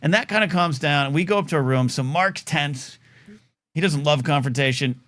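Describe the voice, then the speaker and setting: A man's voice: a little high, normal speed. A middle-aged man hosting a live talk show, telling a long rambling story with lots of fillers and restarts, and acting out the people in it. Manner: rambling, animated, full of fillers and restarts, acts out quoted voices. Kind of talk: casual storytelling monologue.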